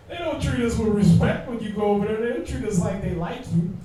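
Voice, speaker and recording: Brief: high-pitched male Bible class teacher, slangy and joking, miked from far off in a very echoey room. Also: mellow, slight background noise.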